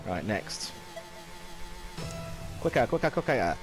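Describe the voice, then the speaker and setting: Northern English male gamer host, slow, chatty, lively swoops in pitch, faint music behind. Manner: chatty, playful, exclaims and sings little phrases. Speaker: gaming video host. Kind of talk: casual gameplay commentary.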